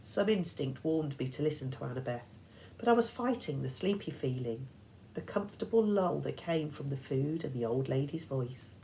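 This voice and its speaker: A woman teacher reading a novel aloud to her class with expressive storytelling. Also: low-pitched, normal speed, a little hiss or hum, poor audio.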